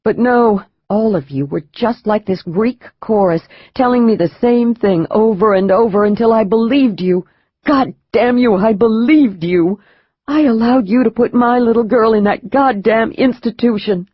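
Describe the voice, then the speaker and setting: Man playing a raging mother, high strained yells; audiobook. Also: measured pace, breathy edge, no room sound, lo-fi sound. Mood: furious. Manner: shouting, raging, accusing. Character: furious wealthy middle-aged mother.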